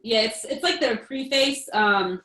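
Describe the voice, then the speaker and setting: A woman's voice: on the high side, a little slow, sharp tone, roomy sound, low-quality recording. A woman in a casual group discussion, reading passages from a book and musing aloud with many fillers. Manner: reads passages then muses aloud with fillers.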